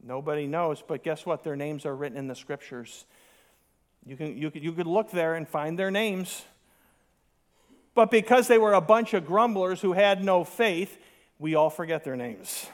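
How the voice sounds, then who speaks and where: A man's voice: a little high, normal speed. A man preaching a sermon, reading scripture aloud and adding sarcastic asides, mocking the complainers in a dramatic voice. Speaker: pastor.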